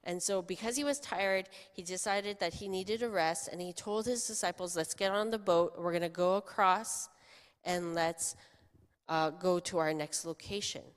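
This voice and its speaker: A woman pastor giving a children's sermon, telling a story in an animated way and asking the children questions. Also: on the low side, moderate pace, clean tone. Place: church sanctuary. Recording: long church reverb.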